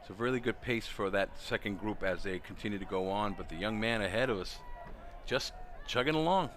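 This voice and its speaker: A quick-talking man, a track coach, calls the race as a color commentator. He tells stories with lively energy and mimics people loudly. Faint outdoor noise sits behind his voice. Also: lowish voice. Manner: animated storyteller, voices quoted people loudly. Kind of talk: live sports commentary with storytelling.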